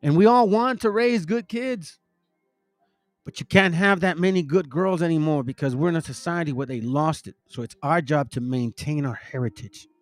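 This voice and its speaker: Middle-aged man, slightly high voice, slangy rambling monologue to online followers, voices the characters in his anecdotes. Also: normal speed, dry recording, faint music behind. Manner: slangy, addresses listeners as bro and family; retells stories acting out each character. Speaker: online religious commentator.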